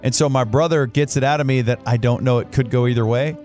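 A man in his forties, co-hosting a casual sports chat, telling a long story with lively acted-out voices. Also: mid-range voice, fast talker, soft background music. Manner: animated storyteller, acts out family voices. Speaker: co-host.

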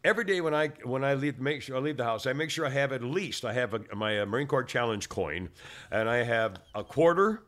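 A man's voice: medium pitch, expressive, fairly quick, a bit bright. An older man, hard of hearing, chatting casually and telling a rambling story full of restarts that gets more worked up as it goes. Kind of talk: casual chat.

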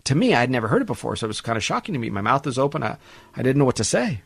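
A man hosting a financial radio talk show, telling a client story in an animated, chatty way with frequent restarts. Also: medium pitch, very fast, gravelly, breathy edge, no room sound, faint music behind.

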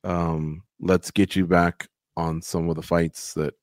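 A man's voice: low voice, level tone, slow, no room sound. A man hosting a casual sports talk show, chatty and opinionated as he recaps fight results. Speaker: podcast host.

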